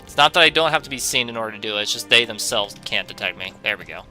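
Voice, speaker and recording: A man's voice: fairly low pitch, expressive, very fast, sharp tone, faint music behind. A man hosting a gaming video, giving rambling, wry commentary with jokey asides as he plays. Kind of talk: casual let's-play commentary.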